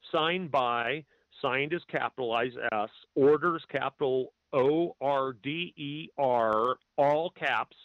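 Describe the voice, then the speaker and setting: A man hosting a talk show who speaks hesitantly with many pauses and filler words, and reads documents aloud, spelling out capitals and punctuation. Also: medium pitch, a bit bright, no room sound. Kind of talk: slow, halting talk-radio monologue. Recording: tinny, dry phone-line audio.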